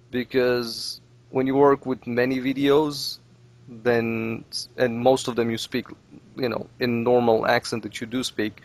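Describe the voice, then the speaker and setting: A man whose first language is Russian, chatting casually on a podcast as a guest, rambling and repeating words as he talks. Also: mid-range voice. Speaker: let's play creator, guest.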